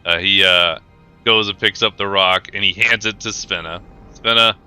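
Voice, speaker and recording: A man's voice: low voice, fairly even intonation, moderate pace, pushed and bright, smooth, no room sound, soft background music. A man running a tabletop game as game master, narrating casually with lots of fillers.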